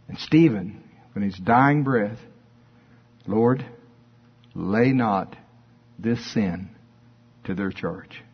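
A man preaching a sermon, swinging between high emphatic bursts and low, quiet asides. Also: breathy edge. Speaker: pastor. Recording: dull lo-fi sermon recording.

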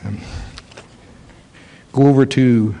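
A man's voice: mid-range voice, slow pace, vocal fry. A man preaching a sermon and telling a story, acting out the voices of the people he quotes. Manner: animated, acts out quoted voices.

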